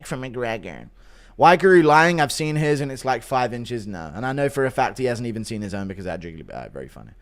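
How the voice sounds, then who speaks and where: A man's voice: medium pitch, animated, fairly quick. A man live-streaming, reading out donations and joking crudely, laughing often. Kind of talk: casual chat.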